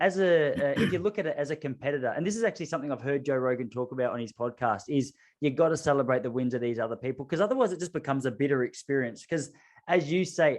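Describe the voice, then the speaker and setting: A man's voice: mid-range voice, a little mellow. A man hosting a podcast, talking in casual chat, earnest and reflective. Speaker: podcast host.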